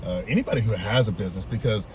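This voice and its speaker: A man as a podcast guest in casual chat, speaking haltingly with many fillers and trailing off softly. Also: fairly low pitch, background noise.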